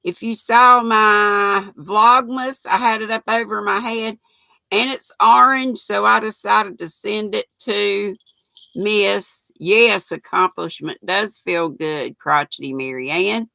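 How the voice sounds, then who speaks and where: A woman's voice: medium pitch, slow, creaky, sharp tone, no room sound, poor audio. An older woman, hosting a knitting livestream, chatting folksily and greeting viewers by name. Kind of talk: casual live chat reading comments.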